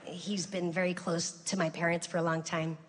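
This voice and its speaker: A woman's voice: normal speed, noisy background. Woman comic working a big room: casual, dry delivery, reverb-washed live sound. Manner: conversational, deadpan storytelling with sudden high-pitched voices for quoted people. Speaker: stand-up comedian. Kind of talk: stand-up routine. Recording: live show with long hall reverb and faint ambience.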